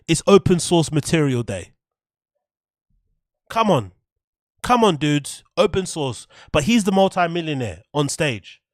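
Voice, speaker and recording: A British man rants as a podcast host, swearing freely and laughing at his own jokes. His voice sits a little high for a man. The recording is close and dry, with no room sound. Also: dry recording. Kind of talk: ranting comedic commentary.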